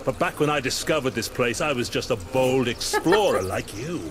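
An actor playing a kindly ghostly pirate lord in a video game, guiding a newcomer in an encouraging storytelling way. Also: male voice, mid-range voice, normal speed, close to an everyday voice. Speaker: game character. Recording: game audio with steady noise.

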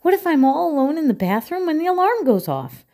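A woman's voice: high-pitched, very animated, a little fast, dark tone, pitched above the performer's own voice. A woman voicing a frightened young panda student in a storybook. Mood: scared. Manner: small, worried and pleading.

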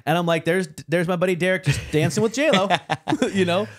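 A man's voice: high-pitched, fairly quick, no room sound, studio quality. A man hosting a podcast, chummy and teasing, asking long rambling questions. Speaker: podcast host. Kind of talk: casual chat.

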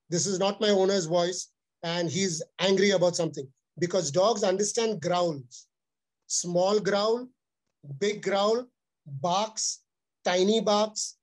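A middle-aged man with an Indian accent, earnestly lecturing dog owners in a webinar and repeating his key points. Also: high-pitched. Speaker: dog trainer giving a webinar talk. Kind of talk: instructional webinar talk.

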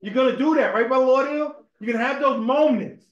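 A man with a very high-pitched voice talks fast, delivering a casual sermon at a temple meeting through personal stories. He repeats words often and keeps checking with listeners, "right?", in a lo-fi recording from an echoey room.

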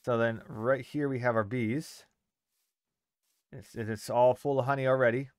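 A man's voice: mid-range voice, steady tone, unhurried, clear, resonant tone, no room sound, studio quality. A man playing a co-op game with a friend, easygoing, plain-spoken and a little rambling. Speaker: co-op gaming partner. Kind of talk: casual co-op gaming chat.

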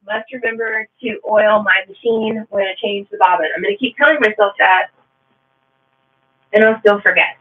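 A man's voice: high voice, fairly even intonation, normal speed, recorded from a distance. A man hosting a live sewing stream, chatting casually with his viewers and repeating himself as he jokes at his own expense. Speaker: livestream sewing host. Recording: tinny phone-like line with faint mains hum.

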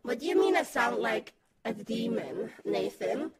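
A woman's voice: fairly high pitch, big pitch swings, unhurried, slightly rough. A woman streamer chatting casually, bubbly and laughing.

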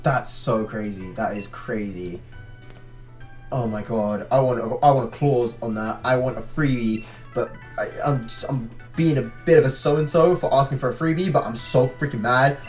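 A man's voice: medium pitch, moderate pace, darkish tone, faint music behind. A man giving let's play commentary, thinking aloud and ranting in frustration, with frequent restarts and muttered swearing. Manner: frequent restarts and swearing under his breath. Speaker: gaming channel host.

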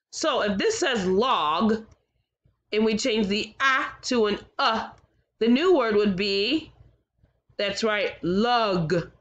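A woman teaching a recorded kindergarten phonics lesson, sounding out letters slowly and carefully with encouraging praise. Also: mid-range voice, highs cut off.

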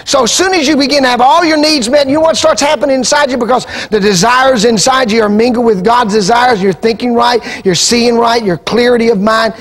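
A male preacher with a strikingly high voice delivers an impassioned sermon. He builds into fervent shouts and leads the congregation in call-and-response. The sound comes from an archival television broadcast. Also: brisk, few pauses. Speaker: pastor.

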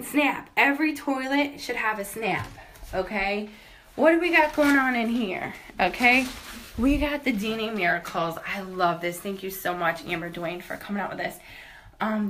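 Over slight background noise, a woman in her thirties speaks in a fairly high, slightly bright voice as she walks from room to room showing her house to the camera. Upbeat and chatty, she's a little breathless and keeps saying "okay?" and "guys."

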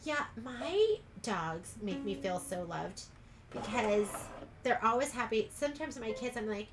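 A woman's voice: on the high side, lively intonation, a little slow, noisy background. A woman teaching a casual sew-along in her sewing room, chatty and rambling as she works. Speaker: sewing instructor.

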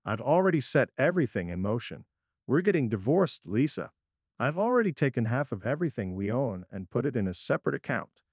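A man's voice: mid-range voice, sing-song, a little fast, breathy edge, dry recording, clean studio sound. A man voicing a cold, bitter husband who has found out his wife's betrayal, speaking in a cutting, unforgiving way.

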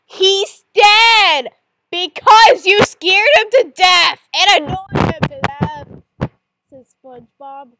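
Wanted: very high, lively, squeaky voice for dramatic plush toys, played by a woman, sleepy one moment, yelling the next. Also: takes it slowly, noisy background, heavily acted. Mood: angry yelling. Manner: swings between drowsy mumbling and yelling. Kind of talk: plush toy skit voicing.

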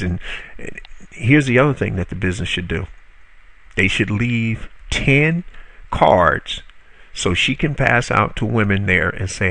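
A man's voice: lowish voice, fairly quick, vocal fry, sharp tone, no echo. A man giving a spoken marketing tutorial in a conversational, salesy way, with frequent fillers, self-corrections and rhetorical questions to the viewer. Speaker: online marketing instructor.

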